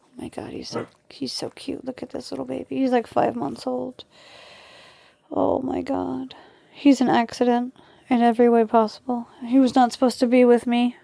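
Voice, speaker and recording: A woman vlogging at home while she has a migraine, talking softly and tiredly and cooing at her dogs. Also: a little high, flat delivery, moderate pace, gravelly, no echo. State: suffering a migraine. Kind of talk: casual vlog talk to camera and dogs. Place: at home indoors.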